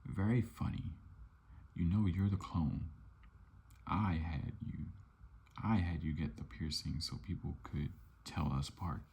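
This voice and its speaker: A man's voice: deep voice, fairly even intonation, a little slow, vocal fry, darkish tone, slightly rough, full character voice. A man voicing a bickering male villain twin scientist in a whispered role-play.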